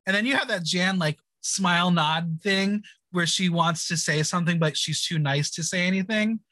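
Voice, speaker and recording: A man hosting a podcast who recaps an episode in casual chat, quick and playfully sarcastic. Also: sits high, sharp tone, dry recording. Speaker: podcast host.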